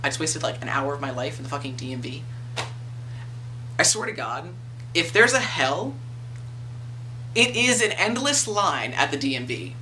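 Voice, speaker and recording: Young man, early twenties, animated vlog storyteller, bright tone, slightly distant mic with faint hum. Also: fairly high pitch, moderate pace, pauses often. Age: 20s. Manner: animated, swears freely, acts out quoted people. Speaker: video blogger. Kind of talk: casual storytelling rant.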